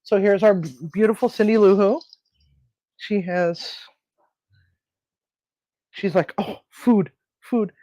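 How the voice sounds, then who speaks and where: A woman hosting a casual home cooking video, her talk loose and rambling. She breaks into cooing baby talk when her pets come near. The sound is dry and close, and her pitch sits in the middle. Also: fairly even intonation, slow, long pauses, mellow, no echo. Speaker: home cooking show host. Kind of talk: casual cooking and pet chat.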